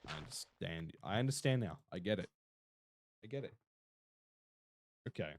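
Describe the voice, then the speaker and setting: A young man with an Australian accent, chatting casually and rambling to his stream viewers, often swearing and talking fast. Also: low-pitched, background noise. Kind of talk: casual livestream chat to viewers.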